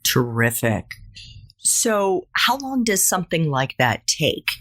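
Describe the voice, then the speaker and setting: Low-voiced woman podcast host. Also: sing-song, slow pace, a bit bright, dry recording. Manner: brief, encouraging interjections. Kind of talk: interview conversation.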